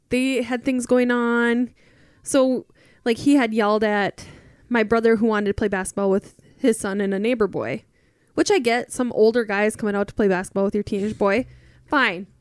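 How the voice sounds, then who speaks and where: A woman's voice: a little high, clean tone, dry recording, studio quality. A woman in her thirties chatting on a podcast, telling a family story and acting out the people in it. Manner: animated storyteller, acts out quotes. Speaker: podcast guest, mother. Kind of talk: casual chat, storytelling.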